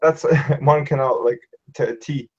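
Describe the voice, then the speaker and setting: A man's voice: medium pitch, fairly even intonation, normal speed, darkish tone. A man on a collectors' panel, talking in a rambling way and often asking "you know what I mean". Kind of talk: casual panel chat. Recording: dull lo-fi sound.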